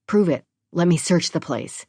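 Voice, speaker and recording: Woman reading as a pushy determined mom, low voice, firm and blunt. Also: normal speed, a little mellow, no echo, studio quality. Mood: insistent. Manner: blunt, insistent. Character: determined mother searching for her daughter.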